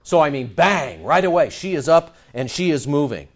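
A man delivers an animated sermon and presses his points with rhetorical questions and repeated phrases. His voice sits a little high and swings widely in pitch. The recording sounds dull and lo-fi. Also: normal speed. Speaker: pastor.

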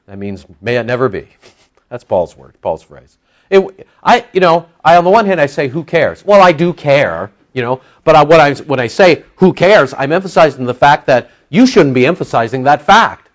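A man preaching a conversational Bible-teaching sermon to a congregation, often emphatic. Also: high voice. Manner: emphatic, rising to near-shouting when stirred; conversational, with asides to the audience. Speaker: pastor.

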